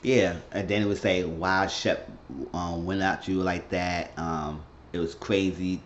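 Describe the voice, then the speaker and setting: A man with a very low voice rambles through a casual recap of a reality show, slipping into quoted voices as he retells scenes. The recording is dull and lo-fi, with a faint hiss of noise behind him. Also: steady tone, unhurried. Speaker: YouTube recap host.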